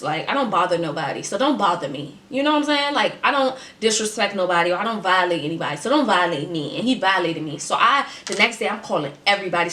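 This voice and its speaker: A woman vlogger telling a personal story in casual, slangy chat, with emphatic and animated delivery. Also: fairly low pitch. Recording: echoey room.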